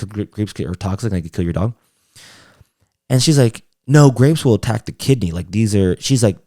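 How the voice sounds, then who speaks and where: A young man in casual podcast chat tells a long story in a rambling, slangy way, swearing freely and leaning on fillers. His voice sits low and sounds warm and mellow. The recording is dry and close. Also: no room sound. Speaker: podcast co-host.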